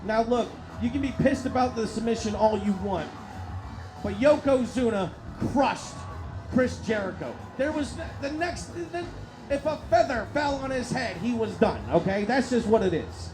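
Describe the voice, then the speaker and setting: High-voiced guy yelling wrestling commentary on a stream, swears a lot, crowd and music behind. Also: moderate pace. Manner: excitable, profane, hollers at the action.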